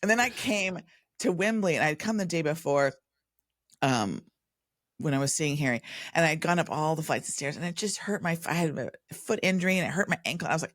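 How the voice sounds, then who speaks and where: An American woman telling stories as a podcast guest, animated and full of restarts. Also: deep voice, a little fast, no room sound, clean studio sound. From United States. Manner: animated storyteller with many restarts. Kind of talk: casual podcast chat.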